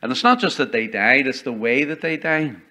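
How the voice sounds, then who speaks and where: A man's voice: mid-range voice, expressive, moderate pace, bright, forceful tone. A male pastor preaching a sermon in a church, reading scripture aloud and building emphasis as he goes. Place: church sanctuary.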